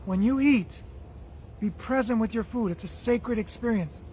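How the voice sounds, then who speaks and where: A man with a very high voice hosts a spiritual livestream, earnest and affectionate, circling back on his phrases. His voice is wearing thin as he talks, with a faint noise underneath. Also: moderate pace, darkish tone. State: losing his voice. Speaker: livestream host reading viewer comments. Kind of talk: spiritual motivational livestream talk.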